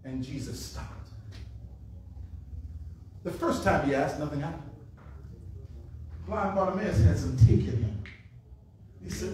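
A man preaching at a revival, telling Bible stories in a lively, conversational way and acting out the voices of the people in them. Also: a little high, slow, long pauses, slight background noise. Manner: animated storytelling with acted-out voices, says "man" often. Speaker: pastor. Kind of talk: revival sermon. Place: church sanctuary. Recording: echoey room from a distance.

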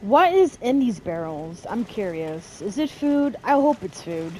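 A woman's voice: medium pitch, very animated, measured pace, mellow, a little hiss or hum, rough recording. A woman casually commenting on a game she is playing, with amused playful reactions. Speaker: gameplay streamer.

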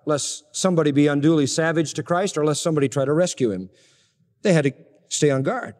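An older man preaching an expository sermon, swinging from loud emphasis to hushed, low lines. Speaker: pastor. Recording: reverberant hall recording.

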